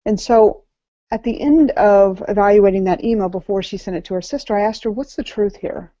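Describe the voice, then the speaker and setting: Warm-voiced woman life coach speaking. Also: medium pitch, fairly even intonation, a little fast, no room sound. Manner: earnest, repeats key phrases for emphasis. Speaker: life coach giving a talk. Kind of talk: motivational talk with slides. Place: event venue before an audience. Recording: slightly muffled, dry recording.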